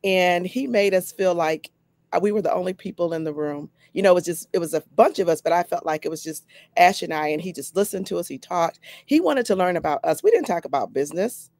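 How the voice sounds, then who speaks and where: A woman's voice: on the low side, lively intonation, fairly quick, darkish tone, dry recording. A woman giving a chatty personal testimony on a video call, laughing often and repeating herself. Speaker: guest on a live company update.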